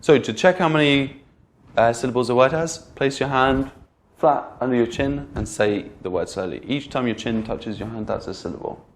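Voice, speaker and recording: A man teaching English pronunciation, speaking clearly and modeling each word slowly with exaggerated stress. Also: medium pitch. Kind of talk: slow, clear teaching delivery.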